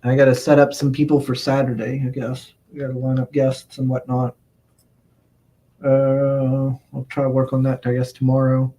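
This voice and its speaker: A man's voice: mid-range voice, dark tone, slight background noise. A man hosting a livestream, chatting casually and reading viewer comments aloud, rambling and chuckling often. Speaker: livestream host.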